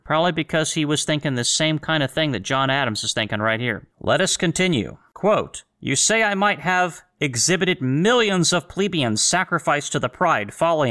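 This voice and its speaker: A man hosting a solo commentary show, reading historical quotations slowly and answering them with sarcastic rhetorical questions. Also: medium pitch, bright, forceful tone. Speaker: podcast host.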